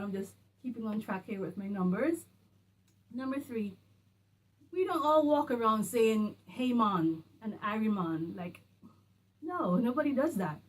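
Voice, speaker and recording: A woman from the Caribbean talking casually to camera in a vlog, working through a numbered list in an animated, emphatic way. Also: on the high side, slightly rough. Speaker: vlogger. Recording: a bit distant from the mic, faint music.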